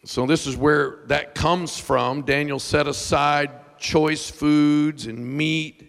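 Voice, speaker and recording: A man preaching a sermon in a church, telling funny stories about himself in an animated, self-mocking way. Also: a little high, slow pace, gravelly. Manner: animated, self-mocking, jumps into loud whiny voices. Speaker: pastor. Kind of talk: sermon with humorous storytelling. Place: church sanctuary. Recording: long reverb in a large hall.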